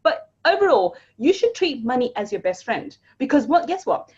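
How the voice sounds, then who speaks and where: A woman speaking as a guest coach in a casual interview, animated, often repeating words and jumping higher for emphasis, on a dull lo-fi recording. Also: normal speed, husky. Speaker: guest, money mindset coach. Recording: dull lo-fi sound.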